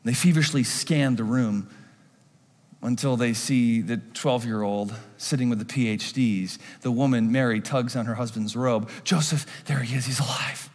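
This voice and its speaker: A man's voice: mid-range voice, steady tone, moderate pace, darkish tone, in a large hall. A male pastor preaching a sermon in a church, telling the story with animation and acting out the voices.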